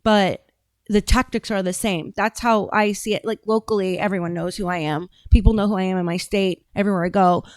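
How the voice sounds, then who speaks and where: A woman's voice: mid-range voice, fairly even intonation, fairly quick, darkish tone, no echo. A woman hosting a casual political commentary podcast, talking bluntly and rambling, with frequent restarts. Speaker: podcast host and political candidate.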